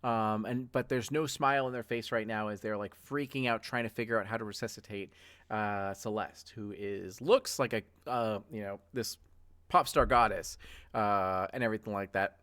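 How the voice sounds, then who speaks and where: A man's voice: lowish voice, steady tone, normal speed, a bit bright. A rambling male game master narrating. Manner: loose, rambling narration full of fillers. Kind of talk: narrating a tabletop role-playing game. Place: home streaming setup.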